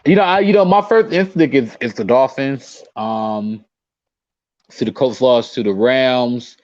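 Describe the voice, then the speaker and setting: A man's voice: mid-range voice, a little slow, darkish tone. A man co-hosting a podcast, chatting casually about football and thinking aloud with lots of fillers. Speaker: podcast co-host. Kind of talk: casual sports chat. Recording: dull lo-fi audio.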